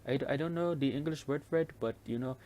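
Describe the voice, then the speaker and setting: A man voicing a confused male store customer who hesitates and searches for words, a little higher than his own voice. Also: fast talker, a little mellow, a little hiss or hum, natural voice. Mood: searching.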